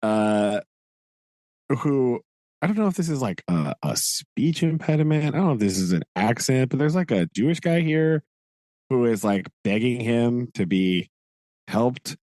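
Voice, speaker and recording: A man's voice: medium pitch, big pitch swings, unhurried, dark tone, no room sound. A man co-hosting a podcast, casually recapping a book with lots of fillers and frequent laughs. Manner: rambling, laughs often, many "like" fillers. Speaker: podcast co-host.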